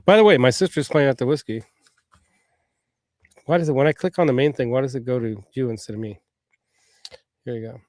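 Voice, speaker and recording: A man of middle pitch hosting a casual livestream, chatty and quick to laugh as he reads out viewer comments. His voice is close and dry, with no room sound. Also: a little mellow, dry recording. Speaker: livestream host.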